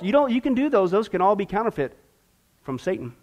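A man preaching a sermon fervently, dropping low for emphasis and rising into excited runs. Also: brisk. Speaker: pastor.

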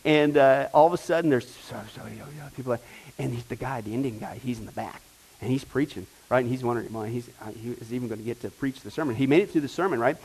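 A man preaching a sermon, telling a story with animated asides and frequent "right?" and "okay?" checks to the congregation. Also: medium pitch, fast talker, slightly rough, poor audio. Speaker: pastor or Bible teacher. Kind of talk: sermon with anecdote.

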